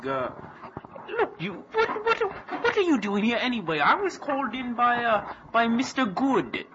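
A man voicing an odd, nervous male rival detective who talks high, halting and fussy in an amateur improvised radio comedy. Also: big pitch swings. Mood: flustered. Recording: muffled lo-fi tape with loud hiss.

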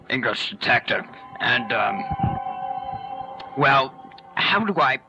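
A man's voice: mid-range voice, very animated, drawn-out words, muffled recording, exaggerated voice. A man playing a bumbling recruit in an amateur tape radio play, hesitant and rambling. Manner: hesitant, rambling, then pleading. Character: bumbling male recruit posing as a detective. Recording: home tape with music.

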